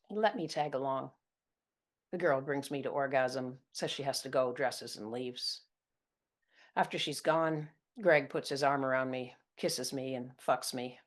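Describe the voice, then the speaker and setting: A woman reading her own first-person story aloud. Her narration is intimate and confessional, blunt about what happened. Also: extremely low pitch.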